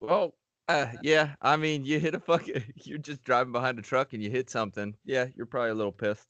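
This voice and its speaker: A man co-hosting a podcast, talking in a laid-back, casual way with lots of pauses and fillers and some swearing. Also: mid-range voice, fairly even intonation, fairly bright tone, no echo. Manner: laid-back, hesitant with many fillers, profane. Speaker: podcast co-host. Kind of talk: casual storytelling chat.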